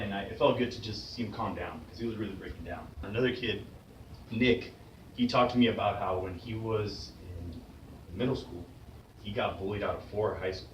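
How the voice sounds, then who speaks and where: A man giving a motivational speech, telling personal stories in an earnest, conversational way with frequent restarts, recorded in an echoey room with an audience. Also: lowish voice. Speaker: motivational speaker. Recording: echoey room from a distant mic with faint background noise.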